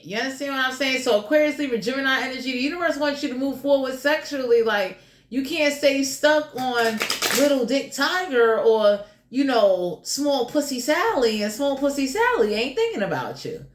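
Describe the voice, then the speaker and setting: Woman doing a tarot reading, kinda high voice, crude jokes and cussing, echoey room. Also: lively intonation, normal speed, noisy background. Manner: blunt, crude and joking, heavy swearing. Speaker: tarot reader. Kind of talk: casual general tarot reading.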